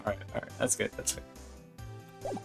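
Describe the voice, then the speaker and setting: A man's voice: unhurried, over music. A man streaming a game live, mocking himself with light chuckles between reading lines. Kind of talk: live gameplay commentary.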